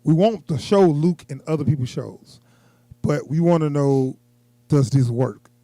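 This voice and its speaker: A man co-hosting a podcast, talking with a slightly high voice. He chats casually and gets animated when he acts out other people. The sound is dry and close. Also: unhurried, no echo. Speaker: podcast co-host. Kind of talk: casual chat.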